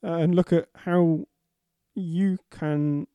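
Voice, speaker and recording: Mellow-voiced young man. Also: on the high side, steady tone, slow pace, clean tone, dry recording. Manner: casual, agreeable, hesitant with restarts. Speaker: podcast co-host. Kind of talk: casual podcast chat.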